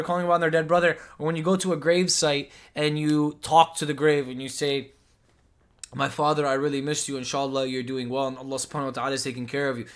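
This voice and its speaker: Man from the US, reaction commentator; exasperated, sarcastic, argumentative delivery, voice sits a bit high. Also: fairly bright tone. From United States.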